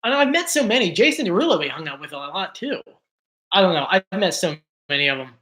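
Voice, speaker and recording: A man's voice: high-pitched, animated, fast talker, fairly bright tone. This is a man hosting a casual livestream Q&A, reading out viewer comments and answering off the cuff. He rambles in a friendly, chatty way, padding his sentences with likes and ums. He is from South Jersey and talks from home. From South Jersey, USA. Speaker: YouTube show host.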